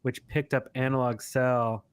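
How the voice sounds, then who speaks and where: A man co-hosts a live stream in a loose, animated way. He laughs easily and reads viewer comments aloud as he goes. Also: mid-range voice, measured pace, clean tone, dry recording. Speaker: co-host of a live show. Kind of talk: casual live-stream chat.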